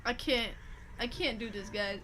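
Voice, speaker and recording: A woman's voice: a little high, unhurried, heavy background noise. A woman streamer reading horror stories aloud from her bedroom. She swears a lot, gets jumpy, and shrieks when she is scared. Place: home bedroom.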